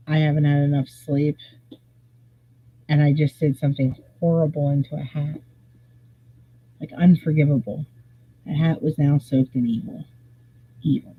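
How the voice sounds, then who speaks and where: A live stream host telling a rambling story in a casual, animated way, swearing freely. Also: mid-range voice. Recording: tinny phone-like audio.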